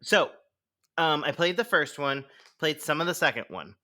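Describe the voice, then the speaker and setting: A man's voice: on the high side, moderate pace. A man co-hosting a podcast, chatting casually about TV and games and often laughing. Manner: animated, laughs often, quotes himself in funny voices. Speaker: podcast co-host. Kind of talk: casual chat.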